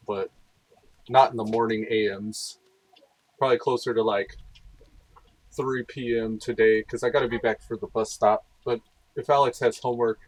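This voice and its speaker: A man's voice: mid-range voice, no echo, low-quality recording. A man streaming a video game, rambling casually and thinking aloud as he plays. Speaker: gaming streamer. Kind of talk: casual gameplay commentary.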